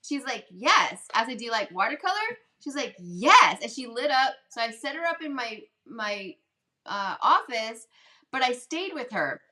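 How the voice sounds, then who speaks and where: A woman's voice: fairly high pitch, animated, normal speed, sharp tone, slight background noise. A woman hosting a casual live craft stream, telling a story in a chatty way and acting out what people said. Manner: chatty storytelling, acts out quotes. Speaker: host. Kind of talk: casual livestream craft chat.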